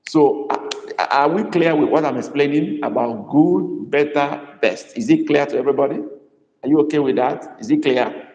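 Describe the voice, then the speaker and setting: A man teaching a live online language class, patiently repeating phrases slowly for his students. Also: fairly high pitch, darkish tone. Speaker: Igbo language tutor. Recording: echoey room with long reverb.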